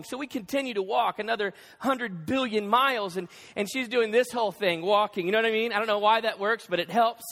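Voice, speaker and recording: A man preaching a sermon as pastor, animated and jokey, acting out the lines of the people in his stories. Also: high-pitched, fairly quick, hardly any pauses. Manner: animated, jokey, acts out quotes. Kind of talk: sermon with storytelling. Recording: reverberant hall.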